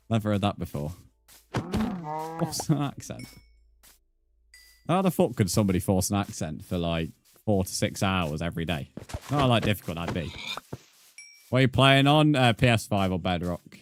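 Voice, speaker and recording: A man's voice: low voice, animated, normal speed, soft background music. A British man chatting casually on a live game stream, easygoing, with lots of fillers as he reads out the chat. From United Kingdom.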